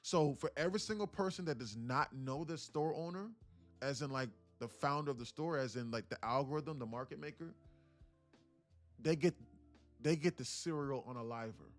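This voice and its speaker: At a moderate pace, with faint music playing behind, this livestream host chats casually about day trading in slang. He performs small scenes in different voices with lots of energy, and his voice sinks to a mutter once he turns to the chart.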